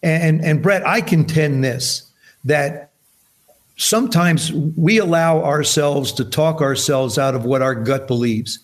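A man in his seventies from New Jersey, with a somewhat high voice and slightly slow delivery, tells stories as a podcast guest in casual chat. He animatedly acts out the quoted dialogue in them.

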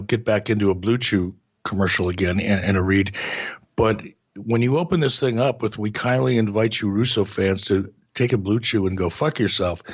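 A male podcast co-host speaking in casual, sarcastic banter, with many halting restarts. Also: mid-range voice, husky, dull audio.

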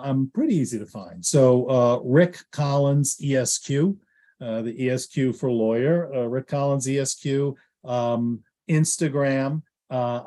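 A male actor and lawyer tells stories as a guest in a loose, casual way. He rambles, restarts his sentences often and fills pauses with ums. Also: mid-range voice, warm tone. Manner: rambling, with many fillers and restarts. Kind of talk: casual anecdotal storytelling.

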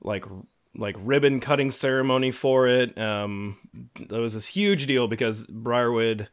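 A man's voice: mid-range voice, a little slow, clean tone. A man co-hosting a podcast, telling a story casually with many fillers and acted-out quotes. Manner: rambling, lots of fillers, acts out quotes. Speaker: podcast co-host.

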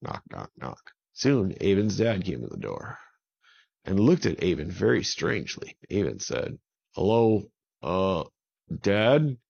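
A man's voice: deep voice, wildly swooping pitch, unhurried, gravelly, a little mellow, slightly rough. A man telling a children's story off the cuff, in simple words with repeated phrases and small self-corrections. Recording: dull lo-fi recording.

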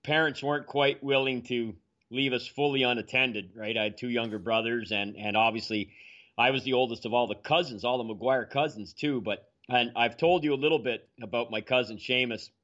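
A man's voice: mid-range voice, fairly even intonation, a bit bright. Easygoing man on muffled audio. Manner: easygoing, measured, meandering storyteller. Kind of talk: casual storytelling in conversation.

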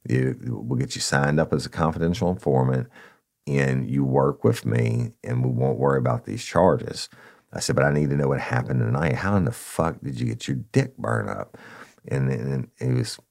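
A middle-aged man with a drawl tells a story to his listeners. His voice sits extremely low and has a rough, gravelly edge. He talks casually and curses freely, calling his audience "y'all". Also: normal speed, darkish tone. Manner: folksy and profane, addresses listeners as y'all. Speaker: podcast storyteller, former narcotics officer. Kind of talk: casual first-person storytelling.

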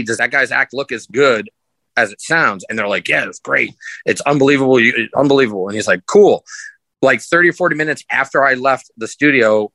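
The sideshow performer speaks in a mid-range voice, rambling and animated as a podcast guest, raising his voice whenever he quotes someone. The casual storytelling comes through a rough recording with no room sound.

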